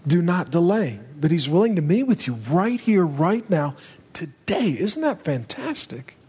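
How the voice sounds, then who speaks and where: A male pastor preaching a sermon with urgency, driving home his points and rising to loud, emphatic peaks. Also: high-pitched, sing-song, measured pace, breathy edge. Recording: long reverb of a large hall.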